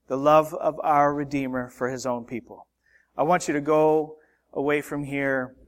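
A pastor delivers a sermon with earnest conviction, his voice pitched a little above most men's. He leads his congregation in prayer, then builds to emphatic, fervent preaching.

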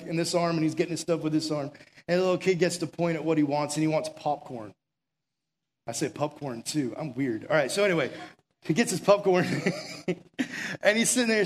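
A man preaching a casual sermon, telling stories and acting out the voices in them. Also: sits high. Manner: casual storytelling, acts out quoted voices, drops to soft and slow near the end.

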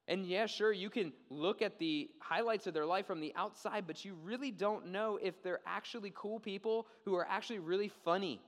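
A young man preaching a sermon, telling a story in a casual, animated way and often checking in with "okay?". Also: high-pitched. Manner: animated storytelling, acts out quoted voices. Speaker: pastor. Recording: long reverb of a large hall.

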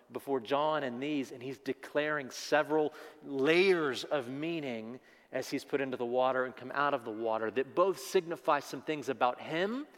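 A man preaches to his congregation in a sermon, his voice sitting a touch high for a man. He builds to loud, drawn-out declarations and prompts the room to answer him. The sound carries the long reverb of a large hall. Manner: swells loud and slow at climaxes, call-and-response with the congregation. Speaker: pastor.

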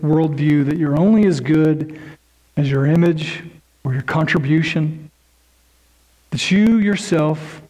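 A man's voice: a little high, mellow, rough recording. A man preaching a sermon in an earnest, emphatic way, building points through lists and repetition. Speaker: pastor.

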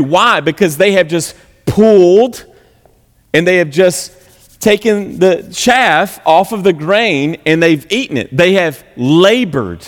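A man with a somewhat high voice preaches a conversational sermon, animated and a touch sarcastic. His voice carries a long reverb, as in a large church sanctuary. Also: slow pace. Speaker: pastor.

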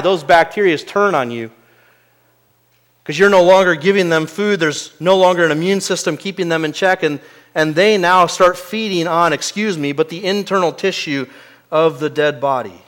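A preacher delivering a sermon from the pulpit, his voice pitched somewhat higher than most men's. He is earnest throughout, dropping to quiet, confiding asides and then climbing to loud, emphatic peaks.

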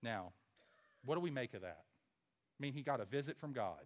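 A man's voice: mid-range voice, animated, normal speed. Emphatic man preaching a sermon. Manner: emphatic, rhetorical questions, swings from loud to soft. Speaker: pastor.

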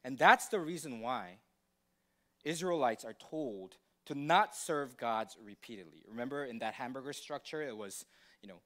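A man's voice: medium pitch, lively intonation, moderate pace, pushed and bright. A male pastor preaching a sermon in a teacherly way, often checking in with the congregation with questions. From United States.

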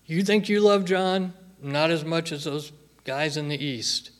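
Slow, emphatic preaching man. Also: a little high. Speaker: pastor. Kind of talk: sermon.

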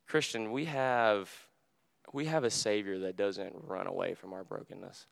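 A young man preaching a sermon in a conversational, animated way, full of fillers, and dropping to a hush for quoted words. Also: fairly low pitch, normal speed, vocal fry. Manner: drops to a hushed voice when quoting Jesus.

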